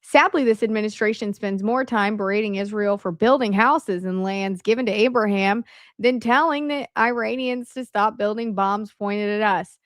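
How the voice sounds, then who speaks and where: A woman's voice: medium pitch, moderate pace, no echo, clean studio sound. A woman giving casual, sarcastic commentary as she reads from old websites, breaking into laughter and asides. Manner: sarcastic asides, laughs while reading aloud. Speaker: political commentary podcaster.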